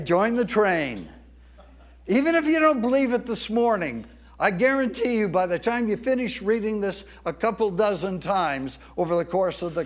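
Slow, high-voiced preacher man. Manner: leads the congregation in call-and-response recitation; deliberate, with emphatic slowed phrases. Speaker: pastor. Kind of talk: sermon.

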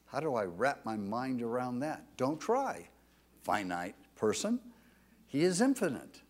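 A man preaching a sermon with emphatic delivery, rising loud when reading scripture aloud, with some halting restarts. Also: medium pitch, very animated. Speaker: pastor.

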